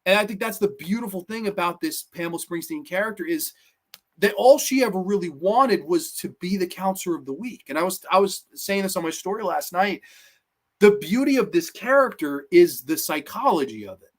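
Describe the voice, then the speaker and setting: Man, horror reviewer, casual countdown, animated, swears a lot, does quick impressions. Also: high-pitched. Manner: animated, profane, acts out quotes in funny voices.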